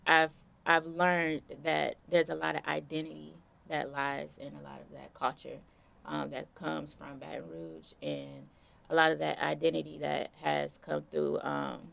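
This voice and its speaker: A young woman being interviewed, telling stories in a relaxed, casual way with plenty of fillers. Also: low-pitched, creaky. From Detroit. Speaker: guest artist.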